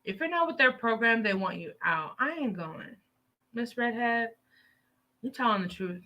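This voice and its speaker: A woman's voice: on the high side, lively intonation, moderate pace, bright, forceful tone. A woman hosting a live stream, giving heated, emphatic news commentary full of profanity.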